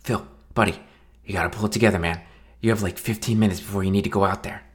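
A man's voice: steady tone, quick pace, natural voice. A man voicing an anxious young best man who coaxes his drunk friend in an earnest, rising voice. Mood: urgent coaxing. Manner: earnest, coaxing, rising higher.

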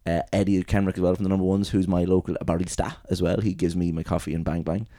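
Irish man, low voice, quick rambling storyteller, swears a lot, dry close sound. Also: flat delivery, warm tone, dry recording. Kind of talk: casual chat.

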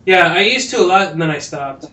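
A man's voice: high voice, expressive, a little fast, pushed and bright. A man co-hosting a podcast, chatting casually about a movie, reading trivia aloud and cracking jokes. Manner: chatty, reads trivia aloud, jokey asides. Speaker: podcast co-host. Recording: roomy echo.

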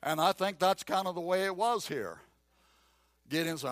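A man preaching a sermon as pastor, emphatic and animated, repeating key phrases and acting out doubting voices. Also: sits high, moderate pace, long pauses, no echo, studio quality. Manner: acts out voices of a doubting listener and a drawling Gideon.

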